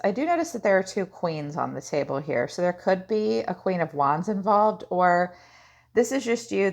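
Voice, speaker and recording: Low-voiced chatty woman reading tarot. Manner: chatty, musing, hedging with "I think" and "kinda". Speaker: tarot reader.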